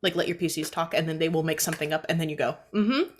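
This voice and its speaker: A woman's voice: low-pitched, level tone, very fast. A young woman chatting casually as a guest on a stream, rambling and breaking off her sentences, often laughing. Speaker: voice actor guest.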